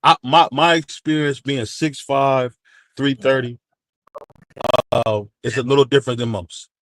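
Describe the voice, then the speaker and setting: A man's voice: mid-range voice, steady tone, measured pace, fairly bright tone, no room sound, clean studio sound. A middle-aged man arguing emphatically on a sports talk panel, repeating phrases to hold the floor. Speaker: panel guest. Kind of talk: heated sports talk debate.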